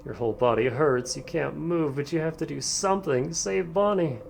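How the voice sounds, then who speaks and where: A man's voice: on the high side, moderate pace, vocal fry, a little hiss or hum. A man playing through a game, reading its text aloud with dramatic emotion. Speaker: gaming video creator. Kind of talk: game playthrough commentary and dialogue reading.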